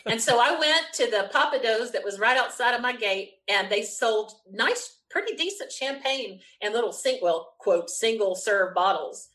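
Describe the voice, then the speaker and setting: A woman with a Southern US accent, a guest telling an animated story, laughing often and acting out what people said. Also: a little high, normal speed, few pauses. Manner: lively, frequent laughs, acts out quotes.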